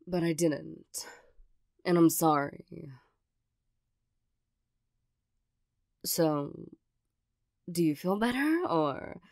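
A woman voicing an awkward young girlfriend, gruff but loving, in a whispered role-play, hesitant and stammering with nervous little laughs. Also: deep voice, animated, slow pace, darkish tone, dry recording, clean studio sound, heavily acted. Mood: apologetic. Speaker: ASMR role-play performer.

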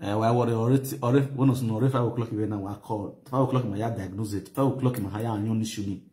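A man's voice: on the low side, steady tone, very fast, dark tone. A man with a Nigerian accent hosting a casual online show, chatty and often checking that his listeners follow him. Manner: chatty, keeps asking "you understand?", laughs often. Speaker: YouTube host. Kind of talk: casual live commentary. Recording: echoey room.

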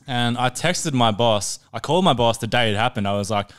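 A man's voice: medium pitch, expressive, brisk, fairly bright tone, clean tone. A young man, casually telling a long, sweary story on a podcast and laughing along as he goes. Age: young adult. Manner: laid-back, sweary, laughs while telling. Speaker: podcast co-host. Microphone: podcast studio mic.

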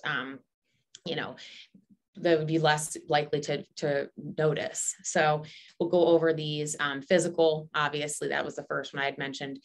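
A woman gives an educational talk in a low, gravelly voice. She explains steadily, with frequent ums and self-corrections. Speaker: presenter.

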